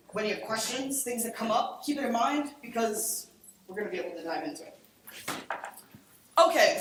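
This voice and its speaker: Lively woman speaking in an echoey hall. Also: on the high side, a little hiss or hum. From Cleveland, Ohio. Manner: animated, chatty, acts out quoted friends. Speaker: conference speaker. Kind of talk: energetic conference talk. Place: large lecture hall. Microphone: collar lapel mic. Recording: very echoey hall, distant mic.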